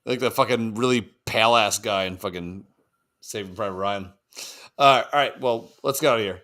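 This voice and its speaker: A man co-hosting a casual podcast, telling stories and dropping deadpan jokes. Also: on the low side, moderate pace. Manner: joking, deadpan asides. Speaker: podcast co-host. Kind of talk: casual chat.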